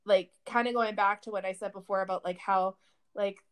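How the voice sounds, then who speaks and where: A woman's voice: medium pitch, steady tone, a little fast, clean tone. A young woman co-hosting a podcast in casual chat, teasing and joking, rambling with restarts. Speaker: podcast co-host.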